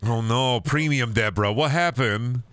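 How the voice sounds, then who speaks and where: Bright-voiced man riffing sarcastically over a game. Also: medium pitch, moderate pace, no echo. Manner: rambling, sarcastic, profane, riffing with goofy voices. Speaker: streamer. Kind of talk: casual gameplay commentary.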